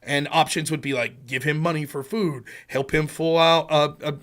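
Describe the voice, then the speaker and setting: A middle-aged man hosting a political talk show, telling stories and acting out quotes with sudden jumps in pitch and volume. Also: steady tone, normal speed, a bit bright. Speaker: podcast host. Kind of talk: political commentary, storytelling.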